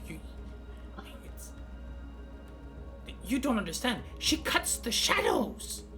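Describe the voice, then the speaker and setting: A jittery, stammering goblin, voiced by the game master in a tabletop game, caught and scared out of his wits. He tumbles over his words at a middling pitch. Soft music plays underneath. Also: very animated, slow, exaggerated voice. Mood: frightened. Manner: stammering, panicky. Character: frightened male goblin captive.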